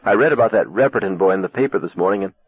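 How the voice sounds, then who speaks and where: A man with a lowish, breathy voice reads aloud at a rapid clip, playing a teenage girl begging someone on the phone. His pleading wavers as if he's close to tears, and the recording has a tinny, lo-fi cassette quality.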